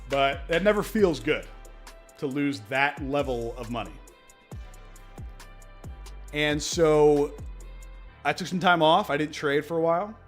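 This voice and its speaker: A man's voice: a little high, a bit bright. Profane, emphatic man streaming. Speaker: crypto streamer. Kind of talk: casual livestream chat. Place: home office.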